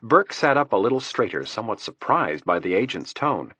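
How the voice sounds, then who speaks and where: A man narrating an audiobook in a steady, measured way. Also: fairly low pitch, slightly rough, no echo. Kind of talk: scripted narration. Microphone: close studio mic.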